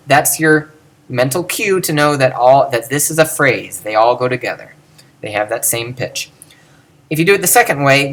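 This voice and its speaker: A man's voice: mid-range voice, fairly bright tone. A man giving an informal video lecture on Ancient Greek, thinking aloud and demonstrating pronunciations.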